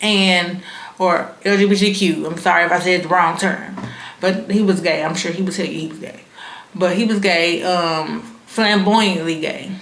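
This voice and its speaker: A woman's voice: lowish voice, fairly even intonation, moderate pace, a bit bright. A young woman, telling a story to her vlog audience in a frank, slangy, casually profane way. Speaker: vlogger. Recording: roomy echo.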